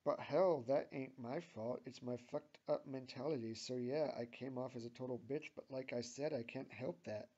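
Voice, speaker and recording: A man's voice: medium pitch, normal speed, few pauses, mellow, slightly rough, lo-fi sound. A man voicing a bitter, foul-mouthed young woman. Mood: grumbling bitterly. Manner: swearing, grumbling, sarcastic.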